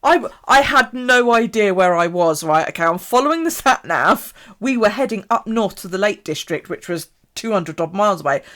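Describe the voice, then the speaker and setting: A woman's voice: mid-range voice, animated, moderate pace, hardly any pauses, fairly bright tone. A woman telling a story on a casual live stream, swearing freely and laughing as she goes. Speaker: bullet journal live streamer.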